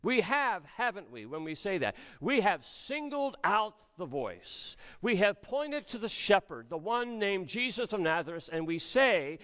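High-voiced preacher in an echoing hall. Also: male voice, big pitch swings, a bit bright. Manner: measured preaching with dramatic pauses. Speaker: pastor. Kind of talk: sermon.

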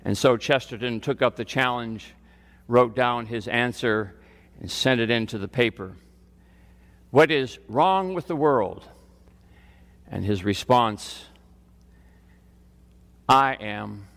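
Slow, gravelly preaching man. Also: mid-range voice. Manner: slow, deliberate preaching with long pauses. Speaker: pastor. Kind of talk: sermon. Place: church sanctuary. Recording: church sanctuary with long reverb.

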